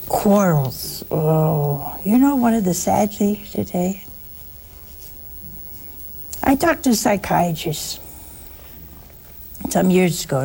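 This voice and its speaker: A woman with a gravelly, creaky edge gives a chatty religious talk to listeners at home. She tells homey stories with humor, and now and then her voice sinks to a near whisper. A faint hiss sits under the voice. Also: lowish voice. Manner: folksy storytelling with humor and dropping into hushed asides. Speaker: religious speaker. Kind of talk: conversational broadcast talk to listeners.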